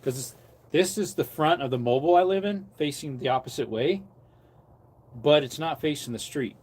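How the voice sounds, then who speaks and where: A man's voice: a little high, moderate pace, a little mellow, slight background noise. A man who preaches, chatting casually on a livestream from an outdoor porch and wandering between topics as he reads comments aloud.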